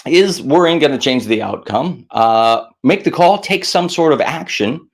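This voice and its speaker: A middle-aged man keeps a measured pace while casually advising viewers on stress management. His manner is animated and self-mocking, with higher-pitched impressions of worried voices.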